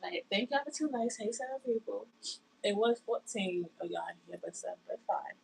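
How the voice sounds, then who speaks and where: A livestream host chats casually from her bed in her bedroom, welcoming viewers and rambling in a drawl about friendship, with frequent "y'all"s. Her voice is medium-pitched, creaky and darkish at a moderate pace, in a rough recording with slight background noise.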